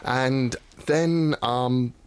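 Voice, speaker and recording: A man's voice: mid-range voice, drawn-out words, clean tone, no room sound. A man guesting on a radio interview as an author, telling stories in a dry, wry way in a studio.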